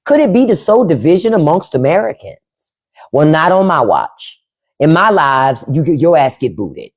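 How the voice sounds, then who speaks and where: A woman's voice: sits low, sing-song, normal speed, a little mellow. Blunt woman ranting on a live stream. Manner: blunt and profane, talking back to chat. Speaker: podcast host on a livestream. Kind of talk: unfiltered political livestream rant. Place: at home.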